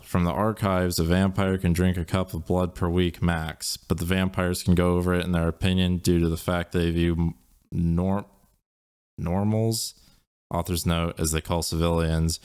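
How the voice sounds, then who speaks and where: Male co-host, deep smooth voice, comedic read-aloud with deadpan asides. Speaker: co-host reading fan fiction aloud.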